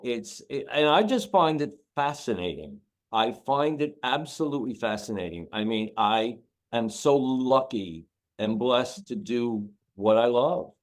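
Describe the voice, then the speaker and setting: A man who trains dogs, guest on a podcast, talking casually and emotionally, repeating himself for emphasis. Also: mid-range voice. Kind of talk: casual interview talk.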